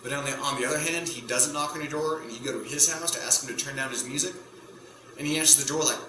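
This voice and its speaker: A male stand-up comedian talks to camera in a bright, forceful voice, often cutting himself off and circling back to his point. The sound is roomy and echoey, and a faint hum runs under it. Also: mid-range voice, fast. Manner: rambling, self-interrupting, provocative. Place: home setup in front of a green screen.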